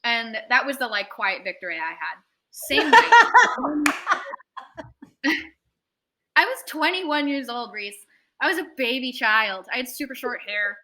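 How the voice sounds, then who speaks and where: Her voice on the high side and her pace a little slow, a young woman tattoo artist tells a long story in a casual interview. She stays animated, swears freely, and performs other people's voices.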